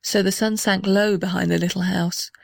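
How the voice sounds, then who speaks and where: Woman, children's story narration, gentle, dry. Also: medium pitch, steady tone, normal speed, creaky, no echo. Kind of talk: scripted narration.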